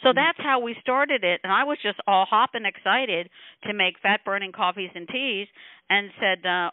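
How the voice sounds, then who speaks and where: A woman scientist telling the story behind her invention on a call, animated and laughing often, acting out quotes from other people. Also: medium pitch, normal speed, dry recording. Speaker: scientist guest. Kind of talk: phone call interview. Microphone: telephone. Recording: tinny phone line.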